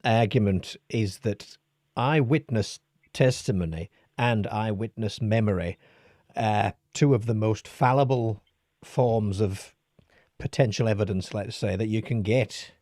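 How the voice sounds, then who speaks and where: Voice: medium pitch, unhurried, dark tone, dry recording, clean studio sound. A call-in radio host who gives short encouraging replies and adds reflective asides. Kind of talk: casual call-in radio chat.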